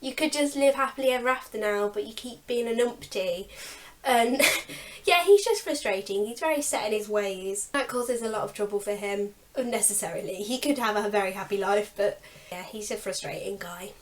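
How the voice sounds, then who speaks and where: A woman's voice: medium pitch, moderate pace. A young woman co-hosting a book channel, chatting casually and laughing often as she vents. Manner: chatty, laughs often, exasperated about characters. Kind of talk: casual chat.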